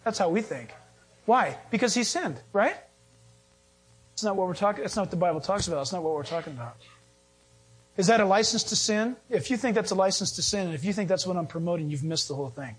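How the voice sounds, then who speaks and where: Husky, high-voiced preaching man. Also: quick pace. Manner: animated preaching, acts out quotes, jokes and laughs. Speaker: pastor. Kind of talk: sermon.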